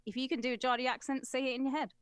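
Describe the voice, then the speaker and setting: A woman's voice: high-pitched, racing, clean tone, no room sound. A woman from England, co-hosting a comedy podcast and telling stories in a blunt, profane way. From northern England. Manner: profane, blunt, animated storyteller. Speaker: podcast co-host. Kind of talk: casual comedic chat.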